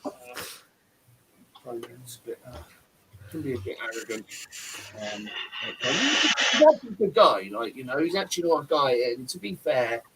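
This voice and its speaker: A man's voice: medium pitch, normal speed, long pauses, noisy background. A man hosting a casual live-stream chat, rambling and effusive, with lots of fillers and restarts. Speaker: host.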